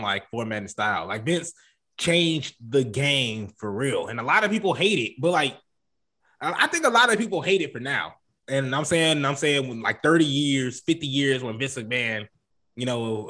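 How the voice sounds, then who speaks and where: A man co-hosting a casual wrestling podcast, rambling and animated, acting out quotes in jokey voices. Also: medium pitch, husky. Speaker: podcast co-host.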